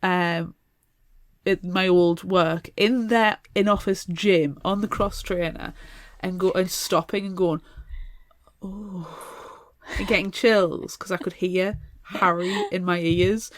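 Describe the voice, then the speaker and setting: A woman's voice: on the low side, fairly even intonation, takes it slowly. A British woman co-hosting a podcast in casual chat. She talks with enthusiasm and rambles through restarts. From Britain. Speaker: podcast co-host.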